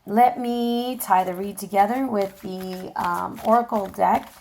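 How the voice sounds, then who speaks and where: A woman's voice: mid-range voice, steady tone, unhurried, gravelly, darkish tone, a little hiss or hum. A woman giving a casual tarot reading, talking straight to viewers in an encouraging way, her voice getting tired. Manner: encouraging, talks straight to viewers, keeps checking in with "okay?". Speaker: tarot reader.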